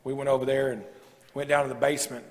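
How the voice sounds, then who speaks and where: A man's voice: medium pitch, level tone, fast. A man preaching a sermon as a pastor, folksy and rising to emphatic preaching. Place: church sanctuary. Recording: long church reverb.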